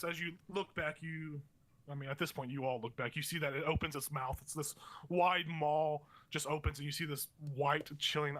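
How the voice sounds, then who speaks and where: A man's voice: fairly high pitch, bright, forceful tone. A young man running a tabletop game as game master, narrating in a rambling way with many fillers and restarts.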